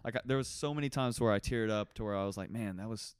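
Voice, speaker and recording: A man's voice: on the low side, fast talker, clear, resonant tone, no echo, clean studio sound. A young man co-hosting a podcast, chatting about a film with enthusiasm and lots of fillers. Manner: enthusiastic, rambling with many fillers. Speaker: podcast co-host. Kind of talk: casual chat.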